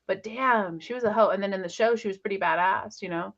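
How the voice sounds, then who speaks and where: A woman's voice: mid-range voice, quick pace, fairly bright tone. A woman co-hosting a live stream, chatting casually and animatedly, full of fillers. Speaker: co-host of a live comics stream. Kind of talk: casual chat. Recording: dull lo-fi stream audio.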